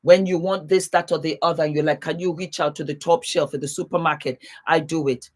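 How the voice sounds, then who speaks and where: Woman on a live stream, lowish voice, friendly chatter, calls everyone baby, laughs a lot. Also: fairly even intonation, fairly quick. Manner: warm, chatty, calls viewers baby and beautiful; laughs often. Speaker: YouTube host greeting live viewers. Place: home, seated.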